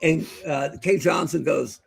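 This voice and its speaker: A man's voice: fairly high pitch, a little slow, creaky, husky. A middle-aged man co-hosting a podcast, telling stories in casual chat and calling a game with lots of laughing. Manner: animated storyteller, laughs often. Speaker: podcast co-host.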